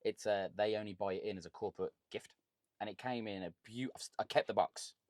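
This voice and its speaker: A man's voice: on the low side, brisk, dry recording. A young man with a Birmingham accent, a podcast guest telling stories in blunt, joking casual chat. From Birmingham, England. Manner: blunt, joking, lively storyteller. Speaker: podcast guest, cigar content creator.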